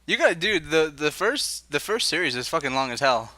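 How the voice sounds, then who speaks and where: An excitable young man co-hosting a podcast, teasing his friends. His voice is high and swings widely in pitch. It has a very bright, sharp timbre and is recorded dry. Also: normal speed, no echo. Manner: excitable, teasing, laughs a lot. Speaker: podcast co-host. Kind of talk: casual chat.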